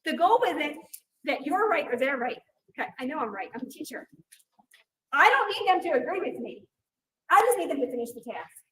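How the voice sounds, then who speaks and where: A woman in her forties, a teacher giving a workshop talk in a dynamic, animated way, sometimes loud. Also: high-pitched, brisk, pauses often. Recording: echoey room, distant mic, faint noise.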